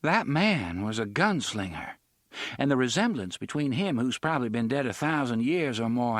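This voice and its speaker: A man narrating a story in an expressive audiobook style. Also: mid-range voice, normal speed, no echo, clean studio sound. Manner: expressive, varied delivery.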